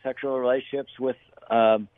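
An earnest middle-aged man and pastor, speaking in halting phrases full of fillers as he answers on a radio show. The sound is narrow and phone-like, with a very dry, close feel. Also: mid-range voice, little pitch movement, dry recording. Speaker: pastor and co-host. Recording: dry tinny phone-like line.

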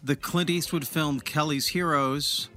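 A man's voice: a little high, fairly even intonation, unhurried, pushed and bright, soft background music. A man hosting a podcast, chatting enthusiastically about films and actors with a guest, often restarting his sentences. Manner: chatty, enthusiastic film talk with many restarts. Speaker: podcast host. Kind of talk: casual interview chat.

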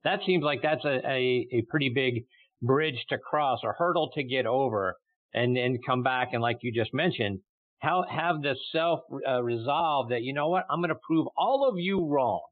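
A man's voice: mid-range voice, normal speed, dry recording. A male podcast host works his way to each question, circling and padding with fillers. His voice is thin and band-limited, like a phone call, and dry with no room sound. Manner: rambling questions full of "you know". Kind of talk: interview questions. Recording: tinny phone-like line, dry.

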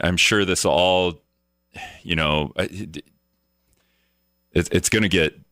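Bright, rambling male radio host. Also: fairly low pitch, dry recording, studio quality. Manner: rambling, self-correcting, joking sarcastically. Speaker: radio talk show host. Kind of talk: casual solo radio talk.

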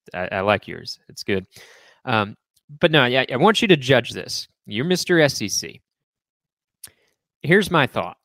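A man's voice: fairly low pitch, a bit bright, no room sound. Opinionated, teasing male sports talk host.

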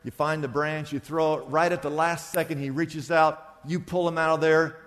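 A man preaching a sermon, acting out the characters in his illustrations. His voice sits high for a man. It rings with the long reverb of a large hall. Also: normal speed. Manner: animated storytelling preacher, acting out scenes. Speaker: pastor.

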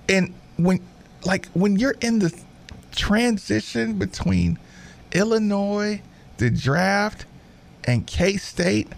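A man hosting a basketball podcast, talking in an animated, emphatic way, repeating himself and mimicking players. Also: high-pitched, slow pace, vocal fry. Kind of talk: casual opinionated commentary.

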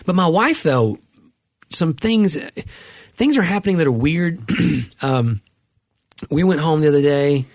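A man's voice: fairly high pitch, animated, measured pace, pauses often, dry recording, clean studio sound. A middle-aged man chatting casually as a podcast co-host, rambling through stories with many restarts. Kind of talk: casual chat.

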